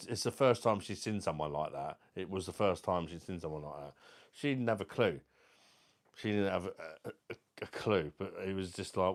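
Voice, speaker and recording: A man in his thirties telling rambling personal stories in casual chat, swearing freely and often checking in with his listener. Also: on the low side. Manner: keeps saying "do you know what I mean". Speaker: beer review vlogger.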